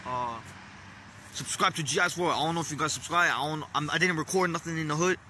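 A young man vlogging on a phone outdoors at a bus stop, boastful and profane in a loud, swaggering way. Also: fairly high pitch, steady tone, quick pace. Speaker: vlogger and rapper. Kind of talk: casual street vlog, partly rapped. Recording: outdoor phone recording with traffic noise. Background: street traffic.

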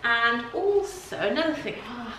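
A woman's voice: on the high side, lively intonation, a little slow, fairly bright tone, a little hiss or hum, poor audio. A woman chatting casually in her vlog, rambling and poking fun at herself. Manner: chatty, rambling, self-deprecating. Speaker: vlogger.

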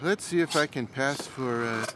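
A man's voice: mid-range voice, moderate pace, noisy background, natural voice. An actor voicing a lazy, sarcastic male orange cat in a cartoon, with a smug drawl. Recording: music bed under dialogue.

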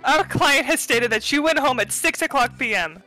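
A woman's voice: sits high, expressive, normal speed, bright, forceful tone, faint music behind. A woman voicing an earnest young female defense attorney, questioning a witness. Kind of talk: voicing game dialogue on a stream.

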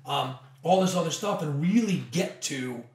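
Male podcast guest, persuasive and emphatic, slightly higher voice, roomy echo. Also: expressive, moderate pace, darkish tone, distant mic. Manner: emphatic, persuasive, acts out quoted dialogue. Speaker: podcast guest, company co-founder. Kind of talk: energetic conversational interview.

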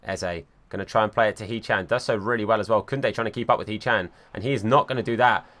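A young man giving live commentary over his football video game, swinging from calm play-by-play to exasperated outbursts. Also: on the low side, fast. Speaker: gaming YouTuber.

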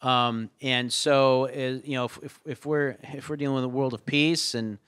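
A man on a faculty panel answering audience questions, pausing and searching for his words. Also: medium pitch, steady tone, a bit bright, clear, resonant tone. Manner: halting, searches for words mid-sentence. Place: lecture room at an institute.

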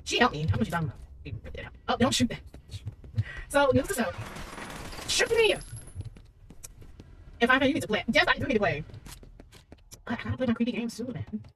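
A woman's voice: on the high side, lively intonation, quick pace, pauses often, fairly bright tone, a little hiss or hum. A woman giving casual, chatty commentary while streaming a horror shooter, talking back to the game and her friends.

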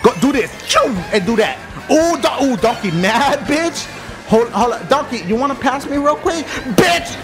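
A man giving loud, excited let's-play commentary, full of profane trash talk and yelling. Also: extremely high pitch, normal speed. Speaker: gaming commentator. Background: game music.

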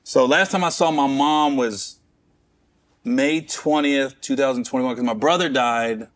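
Speaking at medium pitch without hurrying, a middle-aged Cincinnati comedian tells a candid personal story as a guest. He meanders, restarting sentences and slipping in self-deprecating remarks.

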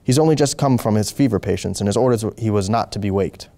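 A man voicing a servant woman cook, speaking in a hushed manner. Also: lowish voice, quick pace, close to an everyday voice.

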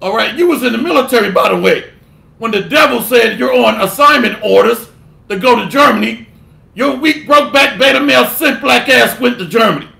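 A man's voice: very high-pitched, a little fast, gravelly, sharp tone. A man preaching a scolding sermon, delivering a fiery rebuke and mocking others with put-on voices. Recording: echoey room.

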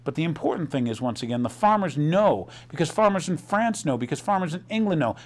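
Animated, sarcastic male show host. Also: a little high. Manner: animated, sarcastic, rhetorical questions. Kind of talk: commentary monologue.

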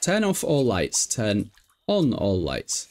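A young man casually commenting on a life-sim game, laughing often and yelling at the characters. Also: lowish voice, huge pitch swings, slow pace, slight background noise. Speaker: streamer. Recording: faint music behind.

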